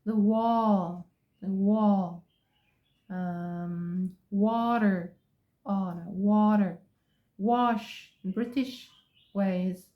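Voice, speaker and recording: A woman's voice: medium pitch, fairly even intonation. A woman teaching English pronunciation in a phonics lesson, repeating example words and drawing out vowel sounds. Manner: slow and deliberate, drawing out vowel sounds with many pauses. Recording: dull, slightly lo-fi sound.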